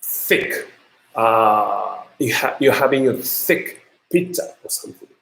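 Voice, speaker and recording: Slow, halting Japanese-accented male lecturer. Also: on the low side, vocal fry, fairly bright tone. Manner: halting, searching for English words. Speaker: university lecturer. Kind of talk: online university lecture. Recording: roomy echo.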